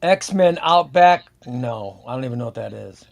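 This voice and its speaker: Lively man reading comic titles aloud. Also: medium pitch, gravelly. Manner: reads titles aloud and decides quickly. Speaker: comic show host. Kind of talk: casual chat.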